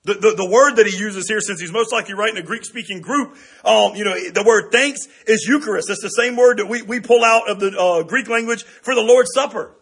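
A middle-aged man preaching a sermon as pastor, lively and conversational, often tossing in "right?" to the congregation. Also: sits high, fairly quick, few pauses, husky.

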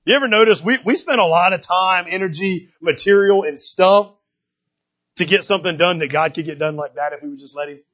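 A pastor delivers a sermon in a high, talkative voice. He stumbles over repeated words and keeps asking the room whether they follow him. The recording is dull and lo-fi. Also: fairly quick, a bit bright.

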